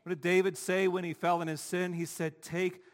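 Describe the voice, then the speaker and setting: A man preaching a sermon as pastor, emphatic, swinging from quiet asides to loud declarations. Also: high voice, little pitch movement, brisk, big-room sound.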